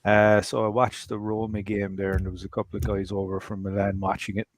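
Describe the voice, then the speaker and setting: A man on a casual group video chat, excited and casual, swearing now and then. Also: lowish voice, brisk. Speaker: podcast guest.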